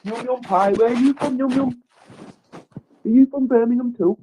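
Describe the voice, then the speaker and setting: A man's voice: very high voice, moderate pace, mellow, a little hiss or hum, rough recording. Man hosting a live-stream chat. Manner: repeats his lines, reads chat aloud, laughs often. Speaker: livestream host.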